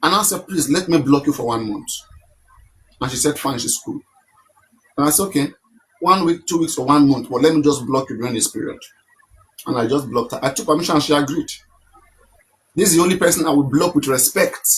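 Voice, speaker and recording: A man's voice: a little high, a little fast, pauses often. A Nigerian-accented man runs a live stream, his voice sitting a little above the usual male register. He talks things through at length, circling back and repeating his point with insistence. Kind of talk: casual live-stream talk.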